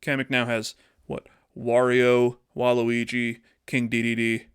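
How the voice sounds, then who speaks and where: Male podcast co-host, mid pitch, animated storyteller pitching movie ideas, casual comedic chat. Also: slow pace, clean tone. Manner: animated storytelling, acts out character lines.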